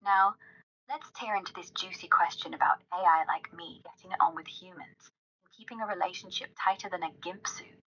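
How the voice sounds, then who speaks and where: A woman's voice: on the low side, steady tone, pushed and bright, slightly rough, highs cut off. A synthetic woman's voice as a crude foul-mouthed AI chatbot. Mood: brash. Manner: brash, rapid-fire raunchy banter.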